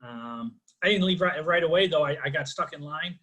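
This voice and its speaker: On a video call, a middle-aged stand-up comedian with a Chicago accent runs through his set at a normal pace. His slightly high voice has a bright, ringing quality, and he rambles chattily and self-deprecatingly, stuffing his jokes with fillers. The recording quality is low.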